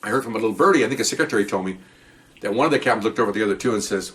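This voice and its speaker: Rambling older man telling cop stories. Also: racing. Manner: rambling, animated, jumps into a high excited voice when joking. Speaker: retired police officer telling stories. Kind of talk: casual storytelling monologue.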